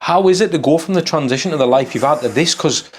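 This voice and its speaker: A man's voice: fairly high pitch, quick pace, husky. A man hosting a podcast interview. He is supportive, often saying "mate.". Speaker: podcast host. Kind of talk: casual interview.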